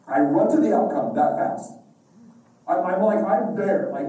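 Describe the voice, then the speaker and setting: Animated man teaching, echoey room. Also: high-pitched, measured pace, recorded from a distance. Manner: animated storytelling, acting out dialogues. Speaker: religious teacher. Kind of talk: devotional class talk. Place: large classroom.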